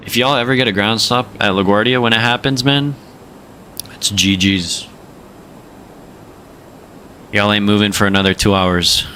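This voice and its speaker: A man's voice: fairly low pitch, pushed and bright, a little hiss or hum. A young man streaming a flight sim, chatting casually in slang and joking with viewers. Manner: slangy, joking, drops into put-on accents. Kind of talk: casual livestream chat.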